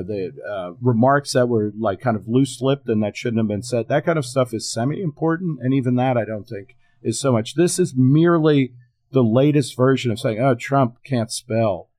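A man's voice: medium pitch, darkish tone. Blunt, profane man on a panel. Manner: blunt, profane, rambling with many fillers. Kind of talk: podcast discussion.

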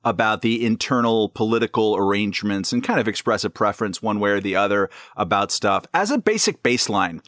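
A man moderating a discussion panel, posing questions and halting with fillers. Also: mid-range voice, fairly bright tone, no echo, studio quality. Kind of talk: podcast discussion.

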